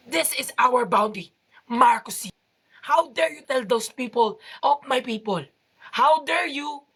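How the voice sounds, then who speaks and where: A Filipina woman with a Filipino accent, speaking halting, broken English in an angry appeal straight to her phone camera. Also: mid-range voice, fairly bright tone, slight background noise. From Philippines. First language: Tagalog. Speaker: vlogger.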